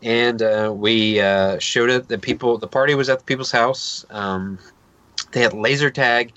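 A man's voice: mid-range voice, a little slow, muffled recording. A man in his thirties co-hosting a podcast, telling a long, rambling anecdote in a casual chat. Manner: rambling, animated anecdote with laughs and quoted voices. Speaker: podcast co-host.

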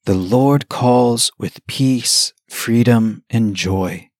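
A male podcast host giving scripted narration in a measured, explanatory, teaching tone. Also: mid-range voice, no room sound, studio quality. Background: background music.

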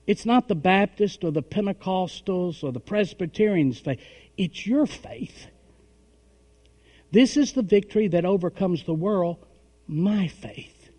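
A middle-aged man preaching a sermon, emphatic, with call-and-response and swings between loud and soft. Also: high-pitched. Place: church hall. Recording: long hall reverb.

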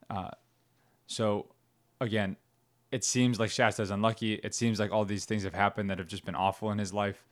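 A man's voice: on the low side, flat delivery, moderate pace. A man in casual conversation, reflecting on faith and paraphrasing passages from a book. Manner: reflective, reads quotes aloud.

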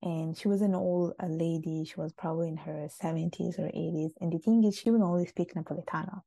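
Young woman raised in italy, gravelly, mellow, chatty w lots of "like". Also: on the low side, fairly even intonation, a little fast, no echo. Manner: chatty, with frequent restarts and "like". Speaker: guest. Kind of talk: casual interview.

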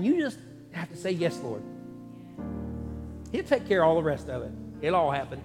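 A man preaching as a church pastor, praying and exhorting in an earnest cadence broken by pauses. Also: on the high side, wildly swooping pitch. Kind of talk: sermon with spoken prayer. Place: church sanctuary. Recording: reverberant church hall with guitar music underneath. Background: soft guitar music.

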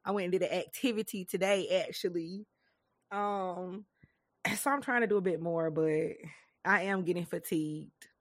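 A woman co-hosting a podcast in casual chat, animated and dramatic, often laughing. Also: lowish voice, moderate pace, dry recording, clean studio sound. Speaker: podcast co-host.

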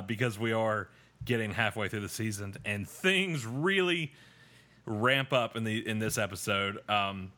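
A man's voice: on the low side, pushed and bright. A man hosting a podcast, recapping a TV episode in a rambling, self-deprecating way. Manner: rambling, self-deprecating, with many fillers and restarts. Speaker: podcast host. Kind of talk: casual episode recap chat.

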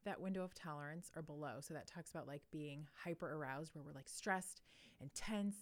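A woman's voice: low voice, a little fast. A woman co-hosting a podcast in casual conversation, chatty and self-deprecating, with plenty of fillers. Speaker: podcast co-host.

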